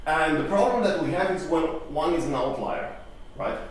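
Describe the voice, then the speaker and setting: A man speaks to a conference audience in a loose, conversational way, throwing rhetorical questions at them and breaking off to restart his phrases. His fairly high voice swings widely in pitch. He is picked up from a distance in a very echoey hall, with faint noise underneath. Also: lively intonation, normal speed. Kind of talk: live conference talk to an audience.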